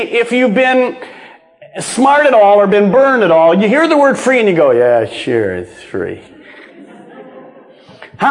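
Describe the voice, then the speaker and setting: A male pastor delivering a sermon with a high, very lively voice that leaps between loud emphasis and hushed, low phrases. He is recorded in a church auditorium, and his words ring with a long hall reverb. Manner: animated preaching, swinging from loud emphasis to hushed low lines.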